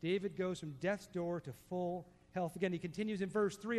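A man preaching a sermon, emphatic, dropping to soft low tones to stress a point. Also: moderate pace, hardly any pauses, long reverb tail. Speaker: pastor.

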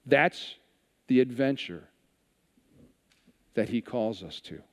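A man preaching a sermon, telling a scripture story with animated retellings and hushed asides. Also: mid-range voice, slow, big-room sound. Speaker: pastor.

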